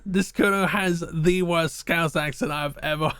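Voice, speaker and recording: A man's voice: a little high, slow pace, a bit bright, no room sound, clean studio sound. A man streaming a game live, reading choices aloud and joking with his chat.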